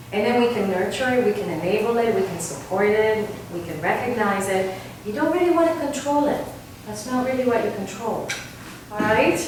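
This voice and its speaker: A woman's voice: on the high side, noisy background. A woman from Argentina leading a choir workshop as vocal coach, demonstrative, often checking with "right?", recorded from far off in an echoey room. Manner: demonstrative, sings example sounds, frequent "right?". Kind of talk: workshop teaching.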